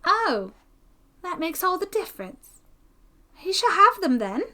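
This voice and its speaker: A woman reading aloud and voicing a timid, gloomy young male barber's apprentice in a high, plaintive, weary voice. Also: sing-song, unhurried, bright, forceful tone, full character voice. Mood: sarcastic.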